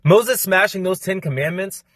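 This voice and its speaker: A young man explaining a Bible story in a fast, casual, slangy monologue, cramming it in with lots of energy. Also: sits high, fairly bright tone, dry recording, clean studio sound. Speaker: Christian content creator.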